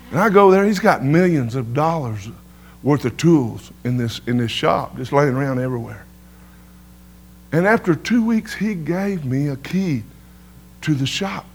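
Folksy preacher man, slightly high voice. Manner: folksy storytelling, peppered with "amen" to the crowd. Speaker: preacher giving testimony. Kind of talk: sermon testimony storytelling.

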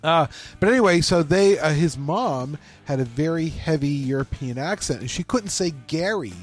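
A man's voice: a little high, expressive, normal speed, faint music behind. A man co-hosting a casual podcast, joking around and laughing often as he tells stories. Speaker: podcast co-host.

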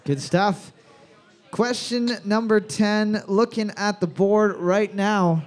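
A man's voice: high voice, steady tone, clean tone. A man hosting a bar trivia night over a microphone, reading questions twice and joking crudely between them. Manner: jokey, profane, repeats each question slowly. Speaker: trivia quizmaster.

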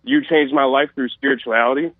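Excited male caller on a phone line. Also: mid-range voice, a little fast, dry recording. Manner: excited, gushing praise. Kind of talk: call-in talk. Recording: dry phone-line call.

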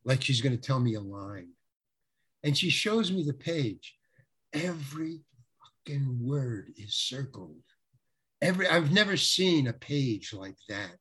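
Husky-voiced man telling an animated story. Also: medium pitch, unhurried. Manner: animated, acts out quoted voices, repeats words. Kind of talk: anecdotal storytelling in an interview.

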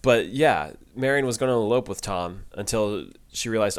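Low-voiced chatty podcast co-host man. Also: lively intonation, normal speed. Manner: chatty, laughs easily, with many restarts. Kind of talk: casual chat.

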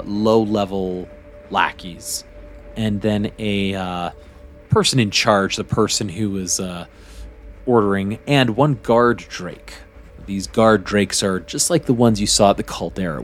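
A man narrating as game master of a tabletop game, calm and measured with many fillers. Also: deep voice.

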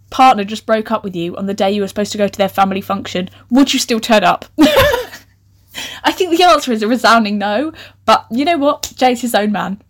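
A woman in her twenties with an animated, laughing manner, reading out her old writing and mocking it with sarcastic asides. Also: mid-range voice. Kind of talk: comic reading with commentary.

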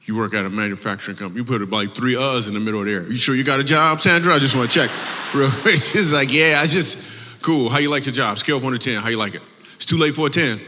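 A man's voice: mid-range voice, pushed and bright, slight background noise. A man doing live stand-up comedy, teasing audience members and laughing between jokes. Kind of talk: live stand-up crowd work. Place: live show venue. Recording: reverberant live venue with faint ambience.

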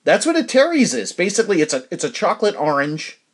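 A middle-aged podcast host talks casually on his own, wandering from thought to thought. His voice sits a bit high for a man, and he fills pauses with "uh" and "like" as he restarts his sentences. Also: wildly swooping pitch, husky. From New Hampshire. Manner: rambling, chatty, self-interrupting with fillers. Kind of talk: casual solo podcast chat.

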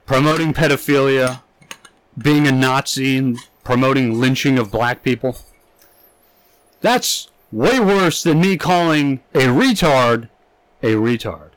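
A young man co-hosts a comedy podcast, ranting, riffing, and swearing freely in crude comedic chat. His mid-range voice is animated yet slow-paced, captured with no echo on a low-quality recording.

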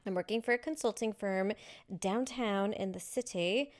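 A woman's voice: medium pitch, normal speed. A young woman co-hosting a podcast, telling a work story in casual chat, laughing as she goes and acting out the dialogue. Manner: chatty, laughs through her stories, acts out quoted dialogue. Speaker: podcast co-host.

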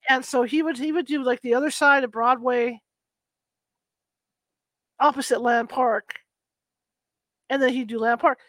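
A middle-aged woman from California chatting casually and spinning anecdotes with a chuckle in them. Her voice sits a little on the high side, recorded close and dry with no room sound. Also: steady tone, a little slow, long pauses, no echo. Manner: chatty storyteller, laughs while telling. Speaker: conversation partner. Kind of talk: casual chat. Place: Sacramento, USA.

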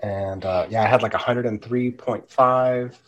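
A man's voice: medium pitch, steady tone, a little slow, a bit bright, dull audio. A man co-hosting a podcast, chatting in a dry, laid-back way. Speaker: podcast co-host. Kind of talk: casual chat.

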